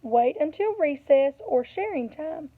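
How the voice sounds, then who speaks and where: A patient but firm male schoolteacher from a picture book, read aloud by a woman. He speaks slowly and calmly in a fairly high voice. The sound is thin and narrow, like a phone call. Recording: tinny phone-like audio.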